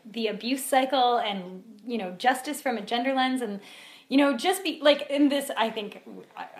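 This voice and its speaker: A woman co-hosting a casual discussion podcast, talking in an animated, indignant way with many fillers. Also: a little high. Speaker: podcast co-host.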